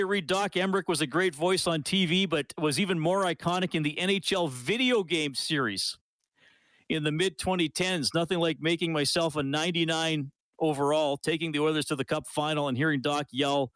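A man's voice: fairly high pitch, fairly bright tone, no room sound. Chatty male sports radio host, dry studio. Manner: reads listener messages aloud, chatty, laughs often. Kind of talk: casual call-in sports radio chat. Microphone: studio microphone.

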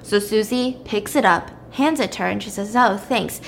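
A woman's voice: mid-range voice, normal speed, gravelly, a little hiss or hum. A woman recapping a story in a casual, chatty, blunt way, using "like" often.

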